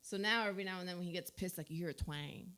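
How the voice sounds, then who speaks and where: Hosting a laid-back studio radio chat show, a woman in her thirties from New Jersey chats loosely, leans heavily on "like," and laughs frequently. Her lowish voice moves at a quick pace and sounds pushed and bright.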